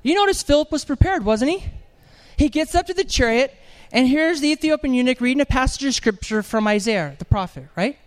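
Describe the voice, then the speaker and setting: High-voiced animated man preaching. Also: fairly quick. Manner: animated, joking storyteller acting out voices. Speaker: evangelist preacher. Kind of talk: sermon with storytelling. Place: church.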